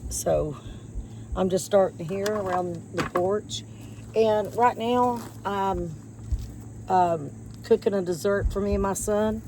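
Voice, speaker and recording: With a medium-pitched, dark voice, a woman talks slowly to her viewers while weeding outdoors near a porch. The vlogger is folksy and rambling, coughs slightly because of a chest infection, and there's a bit of background noise.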